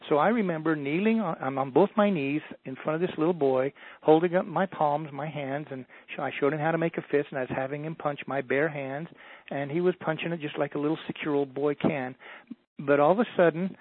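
A man telling stories as a motivational speaker in a radio interview, in a folksy, animated way. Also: fairly high pitch, husky, no echo. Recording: dry, tinny phone line.

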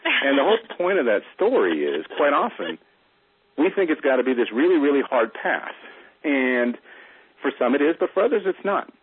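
A man's voice: fairly high pitch, very animated, moderate pace, breathy edge, no room sound. A middle-aged man giving a conversational slide presentation, telling stories with fillers as he goes. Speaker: presenter, internet entrepreneur. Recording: dry tinny phone-like line.

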